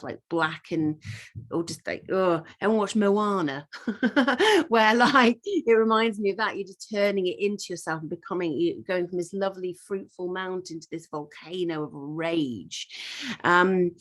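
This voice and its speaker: A woman, leading an informal masterclass as a life coach, talking in an earnest, rambling way with many fillers, restarts and the odd swear word. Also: fairly low pitch.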